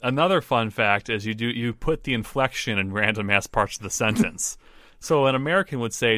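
A man's voice: medium pitch, moderate pace, pushed and bright, dry recording, clean studio sound. A man co-hosting a casual podcast, joking and swearing while he tries out bits of a Russian accent. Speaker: podcast co-host. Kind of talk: casual chat.

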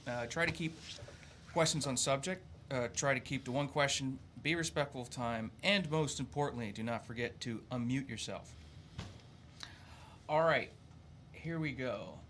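A man's voice: mid-range voice, moderate pace, fairly bright tone, a little hiss or hum. A man working as a livestream assistant, casually reading out call-in rules with many hesitant fillers.

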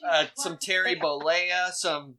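A man, co-hosting a podcast in casual chat, telling jokey stories with lively swooping emphasis. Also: a little high, measured pace. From Midwestern United States. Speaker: podcast co-host.

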